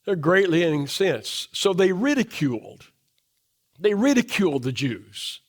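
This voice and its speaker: A middle-aged man preaching a sermon in a church, asking the congregation question after question, his voice dropping low and soft to drive points home. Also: big pitch swings, unhurried. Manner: emphatic, asks the congregation rhetorical questions. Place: church sanctuary.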